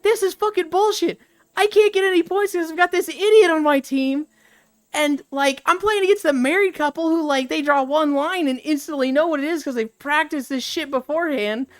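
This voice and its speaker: A woman's voice: high-pitched, a little fast, pitched above the performer's own voice, natural voice. A woman voicing a furious young man who swears and rants shrilly about losing a drawing game. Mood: angry ranting.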